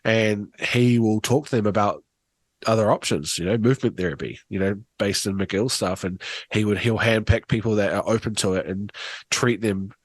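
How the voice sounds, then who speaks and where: The host is a man with a fairly low voice who speaks in a loose, rambling way with plenty of fillers. The sound is close and dry. He tells a long story in a casual podcast chat. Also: normal speed, no echo.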